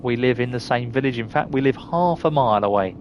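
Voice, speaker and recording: A man's voice: medium pitch, a little fast, lo-fi sound. Man, Surrey accent, middle-aged, chatty streamer talking to viewers, faint hiss in the background. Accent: Surrey English. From England. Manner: chatty, reads out viewers' names and laughs often. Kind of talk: casual live-stream chat.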